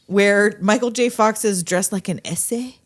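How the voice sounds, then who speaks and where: A woman co-hosting a podcast, talking casually about a movie, animated and profane, often acting out lines. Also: medium pitch, normal speed. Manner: animated, profane, acts out quotes. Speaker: podcast co-host.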